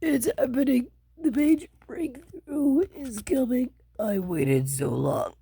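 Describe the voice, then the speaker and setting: A woman's voice: sits high, expressive, slow, vocal fry, mellow, breathy edge, no room sound. A woman talking to camera in a rambling, playful burping vlog, drifting into sing-song bits. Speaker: vlogger.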